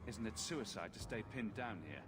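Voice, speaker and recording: A man's voice: fairly low pitch, expressive, normal speed, background noise, close to an everyday voice. A man playing a wry warrior hero. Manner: dry, offhand confidence. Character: confident male warrior hero, dry wit. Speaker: player character. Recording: game audio over loud music.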